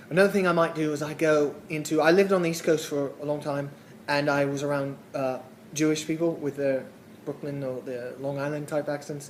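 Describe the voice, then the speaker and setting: A man telling a humorous monologue in a rambling, halting way, full of fillers and small chuckles. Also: fairly high pitch, slight background noise. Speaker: comedian.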